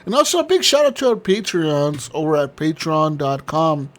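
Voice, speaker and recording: Man, gaming podcast host, slightly high-pitched, rambling and profane. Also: very animated, moderate pace. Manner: profane, rambling, laughs often. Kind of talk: casual podcast chat.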